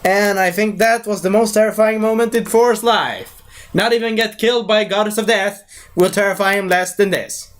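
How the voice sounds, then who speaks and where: A young man giving a casual live movie review, rambling and excitable, with lots of fillers and broken grammar. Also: high voice, normal speed.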